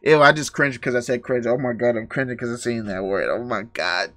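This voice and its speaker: A man's voice: mid-range voice, brisk, pushed and bright. A man live-streaming his reactions to a video, joking, swearing freely and laughing often.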